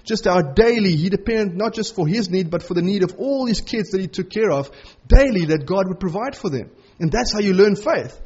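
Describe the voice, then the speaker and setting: A middle-aged man preaching a sermon in an earnest, conversational way, slowing right down on key phrases. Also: high voice, lively intonation, a little mellow, husky, dull audio.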